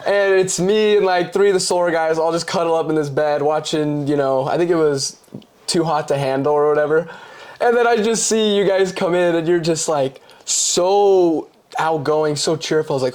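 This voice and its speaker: A young man as a podcast guest, talking casually and telling stories with lively put-on voices for the people he quotes. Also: on the high side, normal speed. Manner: animated storytelling, acts out quoted voices, swears casually. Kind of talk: casual conversation.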